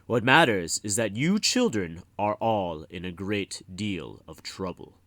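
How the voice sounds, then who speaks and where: A man's voice: on the low side, sing-song, measured pace, a bit bright, dry recording. A man voicing a stern older male wizard teacher who scolds his apprentices in a commanding, reproachful way. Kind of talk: audiobook reading.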